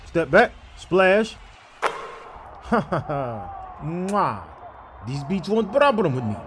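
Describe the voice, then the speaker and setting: A man doing loud, rowdy comedic voiceovers over basketball clips, full of trash talk. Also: fairly high pitch, sing-song, very slow, background noise.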